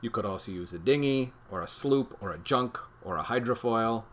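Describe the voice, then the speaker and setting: A man's voice: mid-range voice, animated, moderate pace, a loud crowd. A man co-hosting a family show, reading a picture book aloud with playful, theatrical emphasis and jokey banter.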